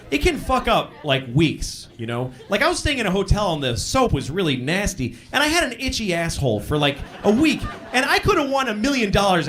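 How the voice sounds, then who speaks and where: A man doing a stand-up comedy set, profane and self-deprecating, acting out little voices as he goes. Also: high-pitched. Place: live comedy stage. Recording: live show with loud crowd laughter. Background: audience laughter.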